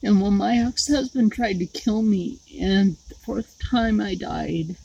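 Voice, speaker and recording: A woman talking to her viewers in a personal vlog, rambling and halting with many fillers, outdoors. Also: mid-range voice, vocal fry, mellow, husky, lo-fi sound. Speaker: YouTube creator.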